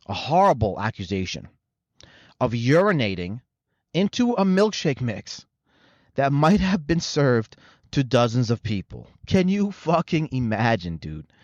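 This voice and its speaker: A man ranting as a comedy host, sarcastic and profane, drifting off on tangents. His voice sits at an ordinary middle pitch. The sound is dry and a little dull. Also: no echo. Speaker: show host. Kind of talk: comedic commentary rant. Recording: slightly muffled dry recording.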